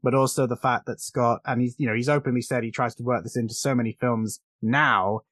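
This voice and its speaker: A man from England in a casual film podcast, enthusiastic and quick to laugh. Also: mid-range voice, fairly even intonation, a bit bright, no echo, studio quality. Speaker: podcast co-host.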